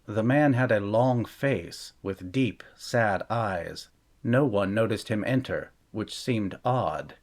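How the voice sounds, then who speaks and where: A man narrating a fantasy novel chapter in a measured, steady storytelling voice. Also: on the low side. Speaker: audiobook narrator. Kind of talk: scripted fantasy audiobook narration.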